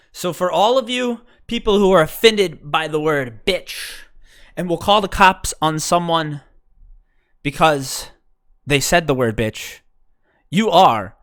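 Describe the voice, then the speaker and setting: A young man delivers a profane, sarcastic comedy rant in his own vlog. His voice is bright and forceful with a slightly high pitch, and he swings between mocking and exasperated. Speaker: vlogger.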